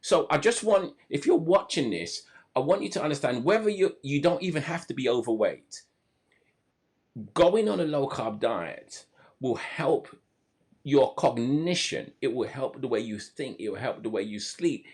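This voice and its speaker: A man hosting a live health podcast over a video call. He talks with eager enthusiasm, often breaking off and restarting his sentences, in a voice of middling pitch. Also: expressive, moderate pace, darkish tone, slightly rough. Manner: enthusiastic, many restarts and fillers. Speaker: podcast host.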